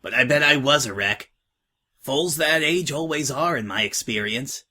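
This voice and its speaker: A man's voice: mid-range voice, expressive, normal speed, bright, forceful tone. A man voicing a tough, slangy young filly who talks bluntly and offhand. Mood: brash. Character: brash, tough young filly, slangy orphan-home veteran.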